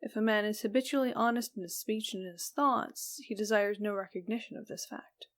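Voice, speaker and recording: A woman's voice: medium pitch, fairly quick. Woman narrating a Victorian ghost story. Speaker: audiobook narrator.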